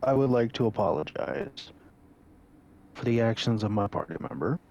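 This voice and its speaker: A man's voice: fairly low pitch, lively intonation, moderate pace, gravelly, darkish tone, highs cut off. A man voicing a formal, earnest male party leader in a tabletop role-play game, speaking in a stiff, solemn way.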